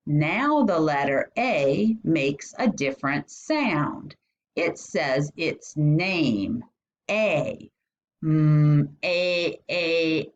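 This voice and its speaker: A woman teaching a phonics lesson, sounding out each vowel slowly and lifting her voice on questions. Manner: stretches out and sounds out each vowel, asks questions with rising pitch. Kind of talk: slow instructional phonics lesson. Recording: dull lo-fi sound.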